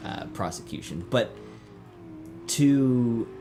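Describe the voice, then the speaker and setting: A man co-hosting a casual gaming chat, a little drunk, rambling, swearing and bursting into loud laughs. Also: mid-range voice, expressive, slow, soft background music. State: tipsy. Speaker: let's play co-host.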